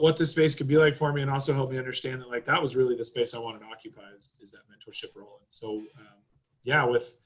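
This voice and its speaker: Bright-voiced rambling man. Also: medium pitch, poor audio. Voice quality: rambling, filler-heavy, swears freely. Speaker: podcast guest, driving school owner. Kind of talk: casual podcast chat.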